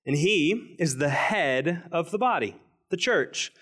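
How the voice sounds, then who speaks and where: Man preaching with slow, earnest emphasis. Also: a little high, animated. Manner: earnest preaching, stretches key phrases slowly, drops quiet for emphasis. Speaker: pastor. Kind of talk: sermon.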